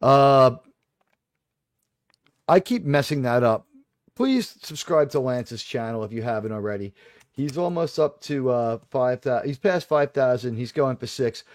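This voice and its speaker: A man's voice: medium pitch, lively intonation, unhurried, dry recording, studio quality. A man hosting a casual livestream chat, rambling and digressive with sudden aggrieved outbursts. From New York.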